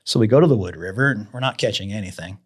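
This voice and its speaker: Guy guest telling fish stories, low husky voice, gets loud doing other people's lines. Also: racing. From Idaho, USA. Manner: animated, acts out quoted people in a raised voice. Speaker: podcast guest, fly fishing author. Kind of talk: casual storytelling in an interview.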